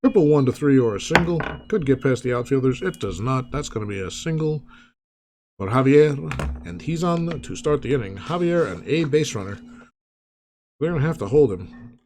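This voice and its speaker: Man, mid-pitch voice, casual tabletop baseball play-by-play, chatty asides, faint room ambience behind. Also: moderate pace, a little hiss or hum. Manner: relaxed, chatty asides mixed with play calls. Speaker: tabletop baseball replay host.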